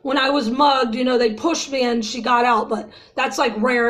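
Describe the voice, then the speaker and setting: A vlogger in her fifties vents emotionally to her viewers, agitated and ranting after crying, and addresses them as "y'all." Her voice sits high, and she speaks unhurriedly with hardly any pauses.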